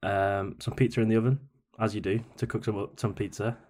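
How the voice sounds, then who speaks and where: A man's voice: on the low side, level tone, a little fast, very noisy. A man on a video call as a podcast guest, talking hesitantly with many fillers. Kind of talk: casual chat. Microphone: remote call mic.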